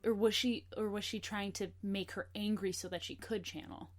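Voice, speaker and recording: A woman's voice: mid-range voice, steady tone, moderate pace. A woman guest on a podcast, chatting casually, laughing often and reading passages from a book aloud. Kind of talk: casual chat.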